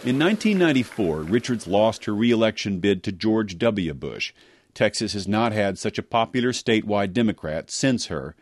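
A man reporting for radio news, narrating a scripted story in a measured, expressive delivery. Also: lowish voice. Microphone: close studio mic.

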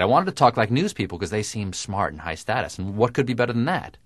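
A man with crisp, precise diction, talking in a dry, self-mocking way as a guest in a radio interview. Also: lowish voice, very animated, fast, dry recording. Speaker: guest comedian.

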